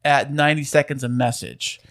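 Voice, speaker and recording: Guy cohosting a podcast, chatty and jokey, mid pitch, dry close sound. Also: steady tone, fairly quick, a bit bright, no room sound. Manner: chatty, joking. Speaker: podcast co-host. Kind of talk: casual chat.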